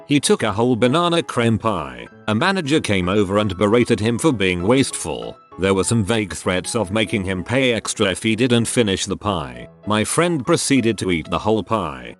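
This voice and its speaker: Male narrator, low voice with lively pitch, scripted story reading, soft music underneath. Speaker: narrator reading online stories. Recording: faint background music.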